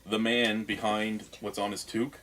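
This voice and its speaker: A man's voice: on the low side, level tone, normal speed, a bit bright, a little hiss or hum. A man hosting a casual beer-tasting show, joking around with friends and describing aromas in detail. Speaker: beer review host.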